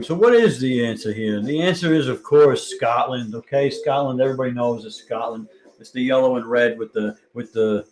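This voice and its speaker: A man's voice: mid-range voice, darkish tone, low-quality recording. A man hosting a live-stream trivia game, chatting casually and reading out viewers' answers as they come in. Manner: chatty, thinks aloud, reads out viewer answers. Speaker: livestream trivia host.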